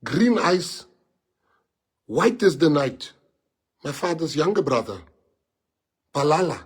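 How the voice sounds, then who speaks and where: A middle-aged South African man, a party leader, speaking to followers on a social media livestream in short anecdotal bursts whose loudness swings from lively to low. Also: takes it slowly, slightly rough. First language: Afrikaans. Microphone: phone or computer mic on a social media livestream.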